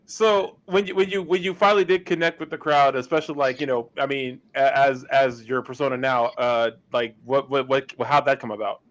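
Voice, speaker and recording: A man co-hosting a casual interview, excitable, stumbling over his starts and laughing. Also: medium pitch, fairly quick, few pauses. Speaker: co-host.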